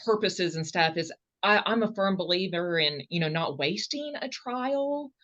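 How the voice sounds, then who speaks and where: Woman, Southern accent, low pitch, earnest, halting speech, dull lo-fi sound. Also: lively intonation, a bit bright. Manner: earnest, halting, restarts phrases. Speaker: podcast guest, author. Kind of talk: casual interview answers.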